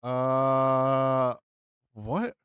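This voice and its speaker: A man's voice: medium pitch, level tone, very slow, fairly bright tone, clear, resonant tone, no room sound. A young man streaming live, chatting casually with his chat, frustrated, swearing and repeating himself.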